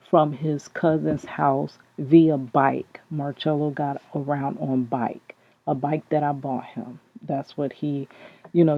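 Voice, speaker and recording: A woman's voice: low-pitched, gravelly, dry recording. A woman telling a personal story in a casual, conversational way, acting out remembered dialogue. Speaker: vlogger telling her husband's case. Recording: dull lo-fi, dry.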